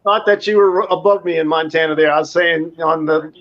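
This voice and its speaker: Laid back new orleans guy chatting on a stream, kinda high voice, muffled lo-fi audio. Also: a little fast. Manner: relaxed, rambling, laughs often. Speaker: livestream host. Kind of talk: casual live chat.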